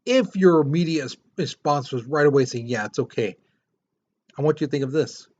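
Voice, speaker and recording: A man's voice: on the high side, fast talker, a little mellow. Casual male history teacher, lo-fi. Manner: casual, conversational explaining with repetitions. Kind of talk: classroom lecture. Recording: slightly dull lo-fi recording.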